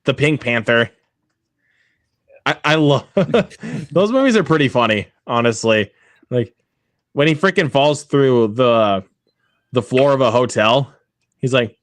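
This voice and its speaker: An excitable young man chatting casually and tripping over his words with lots of fillers. The sound is close and dry, with no room around it. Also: medium pitch, a little slow, pauses often, dry recording. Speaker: quiz contestant. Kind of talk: casual chat.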